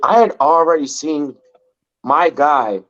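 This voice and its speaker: Man from LA, podcast host, rambling profane storytelling, fairly high voice, muffled lo-fi sound. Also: takes it slowly. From Los Angeles. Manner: rambling and profane, heavy use of "like". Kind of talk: casual storytelling chat.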